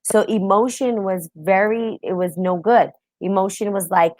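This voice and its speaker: A woman's voice: medium pitch, measured pace, a little mellow, dry recording. A woman from the United States hosting a live stream, talking openly and casually and greeting viewers by name. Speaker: host.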